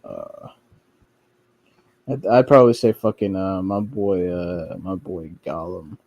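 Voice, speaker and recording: A man's voice: deep voice, slow, dry recording, lo-fi sound. A man commenting casually on online drama, rambling and swearing, with many restarts and fillers. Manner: mocks others by quoting them in a whiny voice.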